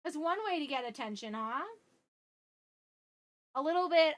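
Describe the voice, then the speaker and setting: A woman streaming a game, chatting casually and excitably, reacting out loud and slipping into soft doting baby talk with her pet. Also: high-pitched, normal speed. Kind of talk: casual live-stream chat while gaming.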